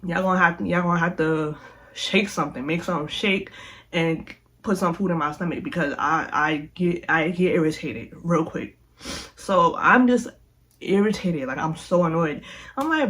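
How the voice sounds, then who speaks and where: A young woman vlogger casually telling a storytime, animated and slangy, often repeating herself. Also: on the low side, normal speed, slight background noise.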